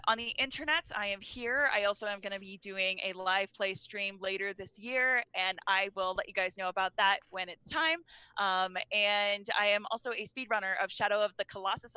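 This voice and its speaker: A woman playing a tabletop role-playing game, talking in a lively, eager way. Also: mid-range voice, clean tone, dry recording, highs cut off. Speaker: player.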